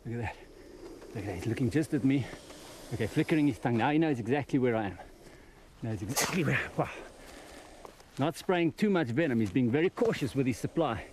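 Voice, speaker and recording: A man hosting a wildlife documentary, giving excitable on-location field commentary outdoors, exclaiming and talking to the animal in front of him. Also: mid-range voice, a little fast, pauses often, slight background noise. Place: outdoors in the wild.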